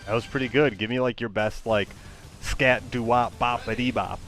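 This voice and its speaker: A man chatting casually with an AI, playful and halting, with fillers. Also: mid-range voice, steady tone, fairly bright tone, soft background music. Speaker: user chatting with an AI. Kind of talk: casual chat.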